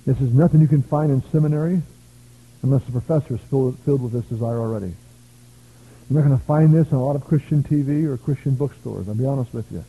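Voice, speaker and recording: A man's voice: medium pitch, fast talker, breathy edge. A man from the United States preaching a revival sermon, telling stories with bursts of praise. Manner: emphatic, storytelling, shouts of praise. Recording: tinny lo-fi phone-like audio.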